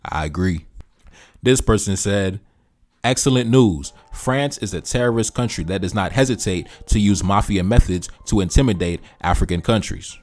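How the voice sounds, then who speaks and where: A man's voice: lowish voice, moderate pace, darkish tone. A man hosting a casual reaction commentary, blunt and laid-back, swearing freely as he reads comments aloud. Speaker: commentator and channel host.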